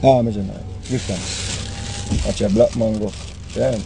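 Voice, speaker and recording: A man's voice: lowish voice, fairly even intonation, slow pace, vocal fry, noisy background. A Jamaican man giving casual spoken commentary, emphatic and preachy, repeating his warnings to the listener.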